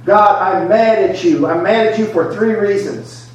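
A man's voice: a little high, a little fast, a little mellow, dull audio, lightly acted. A man preaching, voicing a furious prophet who argues heatedly with God. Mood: angry protest. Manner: heated, pleading, insistent. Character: angry indignant male prophet arguing with God. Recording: echoey hall, mic far off.

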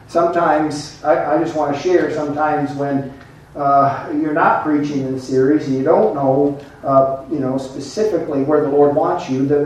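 A man's voice: on the high side, a little mellow. A man preaching a sermon as pastor, folksy and conversational, with asides to the congregation. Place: church sanctuary. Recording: echoey church from a distant mic.

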